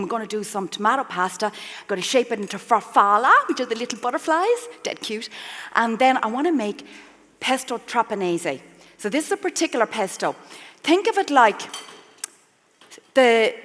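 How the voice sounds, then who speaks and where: A middle-aged woman with an Irish accent runs a live cooking demonstration, chatty and quick to poke fun at herself. Her voice sits fairly high. It carries with the long reverb of a big festival hall. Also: a bit bright. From Ireland. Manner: chatty and self-mocking, laughing often. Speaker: chef giving a cooking demonstration. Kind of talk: live cooking demo on stage. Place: festival stage in a large hall.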